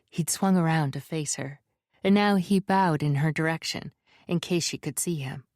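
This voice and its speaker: Slow, low-voiced woman narrating. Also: darkish tone, dry recording, studio quality. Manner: measured, descriptive reading. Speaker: audiobook narrator. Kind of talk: scripted narration.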